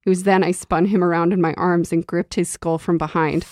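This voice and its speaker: A woman's voice: on the low side, a little fast, dry recording, studio quality. A young adult woman chatting casually about a novel and reading passages aloud. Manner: reads novel passages aloud, animated and laughing when chatting. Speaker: book club podcast co-host.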